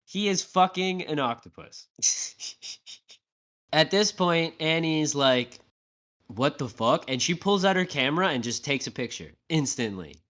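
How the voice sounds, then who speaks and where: Man, podcast co-host, casual TV recap, animated, swears a lot, somewhat high voice. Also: a little slow. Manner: tag questions like "right?".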